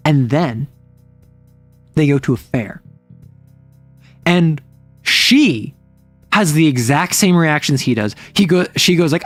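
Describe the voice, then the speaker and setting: A woman streamer in casual chat, rambling along with plenty of fillers. She slips into quick acted snippets of the people she quotes, and soft music plays faintly behind her voice. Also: sits low, lively intonation, no echo. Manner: rambling, filler-heavy, acts out quoted lines. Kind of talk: casual chat about romance stories.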